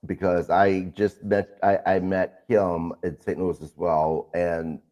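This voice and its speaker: A man's voice: deep voice, little pitch movement, slow pace, warm tone. A man hosting a podcast, asking loose, rambling questions in a casual interview. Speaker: podcast host.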